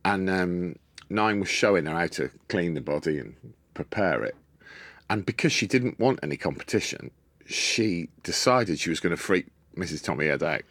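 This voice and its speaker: Deep-voiced man telling lively stories. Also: moderate pace, no echo. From Wales. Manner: animated raconteur who acts out voices. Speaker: guest. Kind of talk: storytelling in a casual chat.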